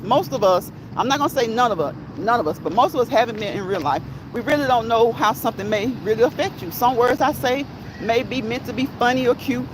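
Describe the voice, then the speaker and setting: A live-stream host chatting casually while walking outdoors, slangy and laughing often. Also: mid-range voice. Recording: outdoor traffic noise.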